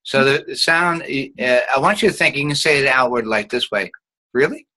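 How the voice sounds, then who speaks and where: A man's voice: medium pitch, normal speed, pushed and bright, poor audio. A man teaching an online acting class, guiding students patiently and showing each sound with hums.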